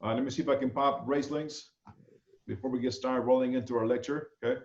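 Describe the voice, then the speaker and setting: A man teaching an online culinary class, reviewing student menus with a halting delivery and many fillers. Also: mid-range voice, fairly even intonation. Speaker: culinary instructor. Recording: echoey, dull lo-fi video call audio.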